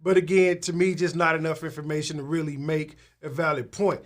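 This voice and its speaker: A man, a tax professional, talking casually to his audience, rambling with many restarts and asking "right?" often, getting animated when he retells conversations. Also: on the high side, fairly quick.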